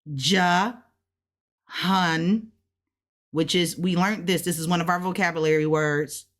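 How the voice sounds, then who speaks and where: A woman's voice: on the low side, fairly even intonation, fairly quick. A woman giving a casual self-taught language lesson, thinking aloud as she goes and repeating words to sound them out. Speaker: language learner teaching what she studies.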